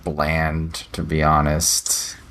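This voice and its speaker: A man's voice: rumbling low, monotone, takes it slowly, fairly bright tone. A man co-hosting a podcast about films, speaking in a candid, laid-back way and hedging his opinions. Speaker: podcast co-host. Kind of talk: casual film-discussion chat.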